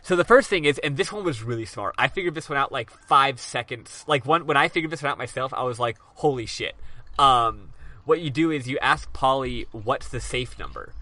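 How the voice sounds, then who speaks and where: Man, podcast host, bright voice, rambling, profane, casual game recap. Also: medium pitch, fairly quick, no room sound.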